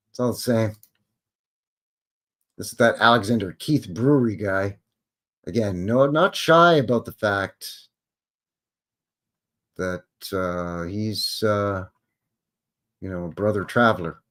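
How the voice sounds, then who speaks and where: A man's voice: lowish voice, lively intonation, slow, pauses often. A man hosting a live stream, talking casually over old photos with joking, rambling, wry asides. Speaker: livestream host.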